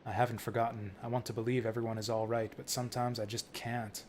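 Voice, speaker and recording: A man reading the lines of an earnest, self-doubting young princess from a game, in his own mid-pitched voice. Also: level tone, fast talker, slight background noise, natural voice.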